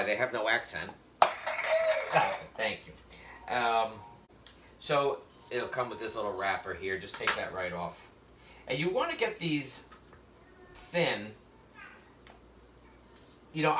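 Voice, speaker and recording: A man leads a live online cooking class from a kitchen, with a bright, forceful voice. He explains every step in a chatty way, joking with his viewers and leaning on plenty of fillers. The sound comes through a webcam in an echoey room. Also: medium pitch, a little hiss or hum. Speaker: cooking instructor. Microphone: webcam on a video call.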